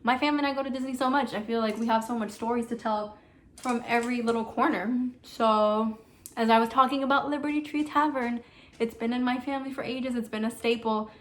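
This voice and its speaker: A woman's voice: a little high, fairly even intonation, fairly quick, a little hiss or hum. A young woman chatting casually in her home kitchen as she hosts a cooking vlog, often drifting off on tangents. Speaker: vlogger.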